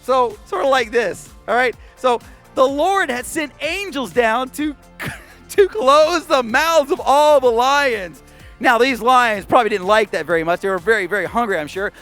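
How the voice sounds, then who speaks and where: An American man, a children's pastor, telling a Bible story to kids in a playful, animated way, with goofy voices and roars. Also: very high-pitched, normal speed, soft background music.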